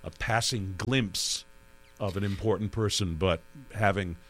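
A man's voice: low-pitched, a little slow, fairly bright tone. A man who hosts a radio interview show, telling stories about his work in a rambling way with many restarts. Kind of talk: conversational interview.

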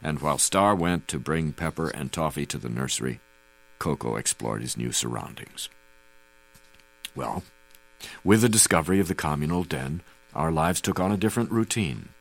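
A man reading a first-person memoir aloud as an audiobook narrator, in a measured, unhurried way. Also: extremely low pitch, animated, vocal fry, low-quality recording.

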